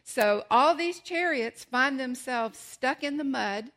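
Telling her Bible lesson in a lively storytelling style, a high-voiced woman asks rhetorical questions and slows her pace to emphasize points.

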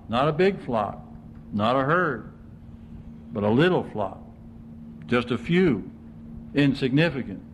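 A man's voice: mid-range voice, slight background noise. A man preaching an informal sermon to a congregation, chatty, often putting questions to his listeners. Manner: conversational, asks the audience questions.

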